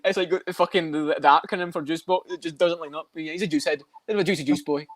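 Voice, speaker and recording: A podcast co-host with a fairly high voice and fairly even intonation talks fast in a casual chat about MMA. He rambles, swears often, and laughs along the way.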